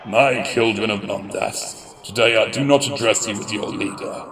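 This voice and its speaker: A man voicing a confident middle-aged supreme leader giving a slow, rallying speech. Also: on the low side, creaky, crowd noise, low-quality recording.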